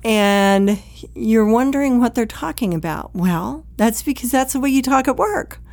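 A woman's voice: high voice, lively intonation, moderate pace, gravelly, darkish tone, no echo. A woman giving a direct, conversational talk that coaches first responders on how they speak at home, acting out quoted exchanges along the way. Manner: direct, plain-spoken, acts out quoted exchanges.

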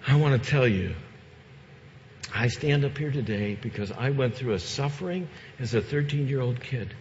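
A man's voice: medium pitch, expressive, normal speed, a little mellow, slight background noise. A man preaching a sermon as a pastor and closing in prayer, earnest and emphatic, repeating his phrases. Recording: long reverb, dull lo-fi sound.

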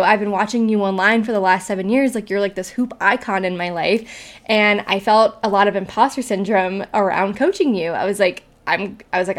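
Young adult woman, podcast host, coach, casual solo talk, chatty, middle pitch. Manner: chatty, fills talk with "like" and "right?".

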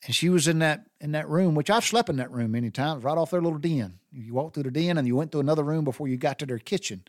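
A man's voice: fairly high pitch, fast, darkish tone, no room sound, clean studio sound. A middle-aged man with a Southern US accent telling a personal story in a rambling, heartfelt way. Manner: rambling and heartfelt, with many restarts.

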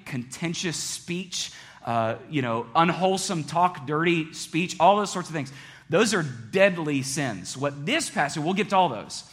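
Bright-voiced man preaching earnestly. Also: on the high side. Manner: earnest, conversational preaching with repeated phrases. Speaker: pastor. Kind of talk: sermon.

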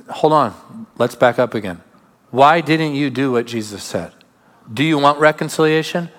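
A man preaching a sermon as pastor, emphatic, with sudden drops to quiet asides. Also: on the high side, expressive, normal speed. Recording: long hall reverb.

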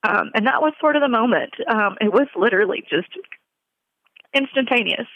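A woman speaking in an interview as a mother, earnest and halting, with many fillers, on slightly muffled audio. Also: on the high side, expressive. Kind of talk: emotional personal interview.

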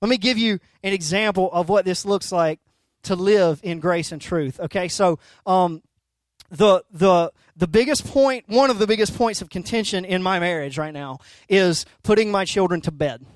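In this dry recording, a thirtysomething man speaks as a pastor delivering a sermon at a normal pace in a high-pitched voice. His storytelling is lively, moving from quiet to loud, and he often adds "right?" or "okay?" to check in.

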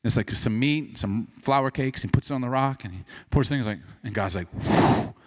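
A man preaching a sermon as pastor, animated and humorous, telling a story in a conversational way. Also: medium pitch, moderate pace.

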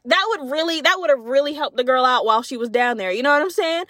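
A woman in her twenties hosting a casual solo podcast, telling comedic, profane stories with an animated delivery and lots of "like.". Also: sits high, fast, hardly any pauses, no room sound, clean studio sound. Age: 20s. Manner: frequent fillers like "like". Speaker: podcast host.

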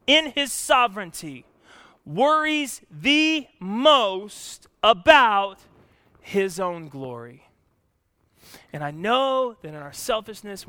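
A man preaching a sermon in an animated way, moving from hushed asides to loud outbursts. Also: extremely high pitch, smooth, dry recording, studio quality. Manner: animated, swings from hushed to shouting, laughs often. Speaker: pastor.

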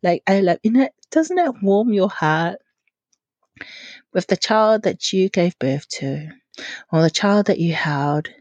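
A woman's voice: medium pitch, animated, takes it slowly, a little mellow, no echo, highs cut off. A woman, hosting her own podcast in a chatty, giggly, rambling way. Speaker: podcast host. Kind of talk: casual solo podcast chat.

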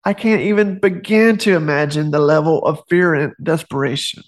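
A man's voice: on the high side, normal speed, hardly any pauses. A man giving a casual faith talk, conversational and digressive, reading passages from his own book with joking asides. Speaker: Christian author and speaker.

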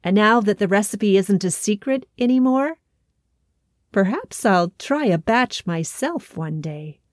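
A woman telling a children's storybook tale with gentle, expressive narration and folksy asides. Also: mid-range voice, measured pace, no room sound, clean studio sound.

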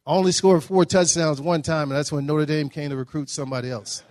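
A man, giving a folksy, animated storytelling speech at a breakfast event. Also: on the high side, brisk, no room sound. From Dallas, Texas. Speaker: guest speaker.

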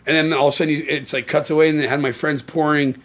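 A man's voice: fairly high pitch, level tone, fast talker. A laid-back man in casual chat. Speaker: podcast co-host.

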